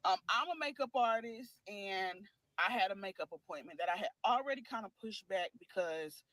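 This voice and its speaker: A woman's voice: medium pitch, animated, normal speed, fairly bright tone, no room sound, poor audio. A young woman, telling her own story to viewers and often calling them "y'all". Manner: keeps addressing listeners as "y'all". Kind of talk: emotional storytime.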